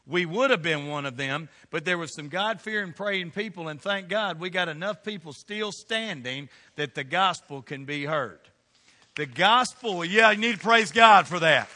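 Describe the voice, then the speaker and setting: A man preaching a sermon in church, swinging between loud calls and hushed asides. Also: high voice.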